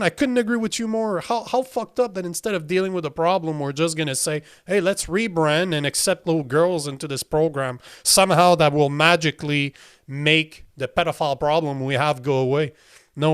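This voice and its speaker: Male show host, slightly raised pitch, angry swearing commentary with disbelieving laughter. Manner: heated and profane, frequent incredulous laughs. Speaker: podcast host. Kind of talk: livestream commentary reading chat.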